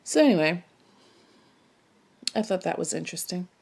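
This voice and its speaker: A woman's voice: on the low side, expressive, moderate pace, gravelly, darkish tone, slightly rough. A woman from Maryland chatting casually while she stitches, rambling and musing aloud with lots of self-questions. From Maryland, United States. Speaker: cross-stitch vlogger.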